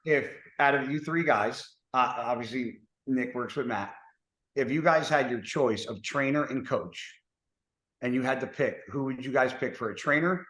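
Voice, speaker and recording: A man who is a bodybuilder, chatting casually on a podcast and rambling through halting restarts. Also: medium pitch, a bit bright. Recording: roomy echo.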